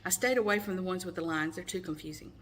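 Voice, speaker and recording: A woman's voice: on the low side, fast talker, a bit bright, slight background noise. Earnest woman telling her own story. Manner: earnest, storytelling with many fillers. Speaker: mother sharing her testimony. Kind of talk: personal testimony to camera.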